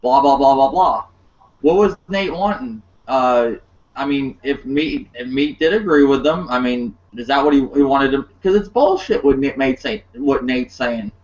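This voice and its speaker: A man's voice: mid-range voice, expressive, moderate pace, a little mellow. Aggrieved man on muffled call audio. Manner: aggrieved, defensive, repeats himself. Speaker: podcast host. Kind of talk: heated podcast argument.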